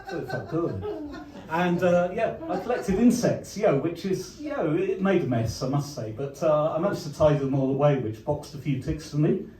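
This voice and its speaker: An older man doing deadpan stand-up one-liners with rambling asides in a pub venue. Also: on the high side. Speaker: comedian. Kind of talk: stand-up comedy with comic songs. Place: live comedy venue, pub. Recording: roomy live gig recording from a distance. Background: guitar accompaniment.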